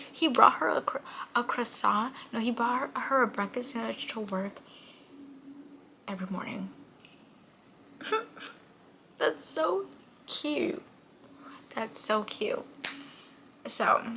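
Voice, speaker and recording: Gushing young woman with a bright, gravelly voice. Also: mid-range voice, slight background noise. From from New York State. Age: young adult. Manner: chatty and gushing, often drops into a soft whisper. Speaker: book vlogger. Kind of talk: casual chat.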